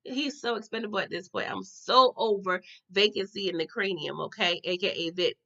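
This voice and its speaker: Bright, gravelly-voiced woman recapping TV. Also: mid-range voice, normal speed, lo-fi sound. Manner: animated and slangy, addresses viewers as "y'all". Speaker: TV recap host. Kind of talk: casual TV episode recap.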